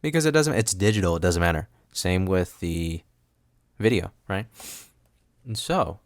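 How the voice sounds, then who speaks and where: A man's voice: deep voice, lively intonation, measured pace, no echo, studio quality. A man hosting a solo podcast at a home desk mic, rambling with goofy asides and frequent laughs. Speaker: podcast host. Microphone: studio microphone.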